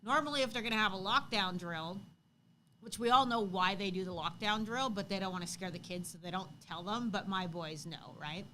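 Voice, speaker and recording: Bright-voiced woman telling a story. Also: medium pitch, a little fast, a little hiss or hum. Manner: animated storytelling, acts out quotes loudly. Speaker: co-host. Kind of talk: casual chat on a livestream.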